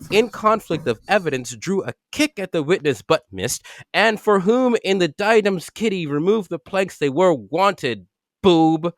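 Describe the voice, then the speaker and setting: A man's voice: on the high side, a bit bright, no echo, clean studio sound. A man cold-reading a dense literary text aloud for a podcast, stumbling over words and chuckling at it.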